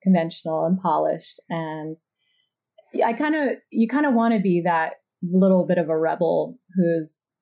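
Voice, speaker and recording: A woman's voice: fairly low pitch, unhurried, gravelly, dark tone. A woman with a New Jersey accent hosting a podcast, chatty and self-deprecating, laughing often as she talks. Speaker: podcast host. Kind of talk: casual conversational interview.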